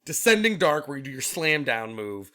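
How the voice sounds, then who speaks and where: A young man co-hosting a podcast in casual chat, an animated storyteller who laughs often and acts out quotes. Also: a little high, normal speed. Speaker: podcast co-host.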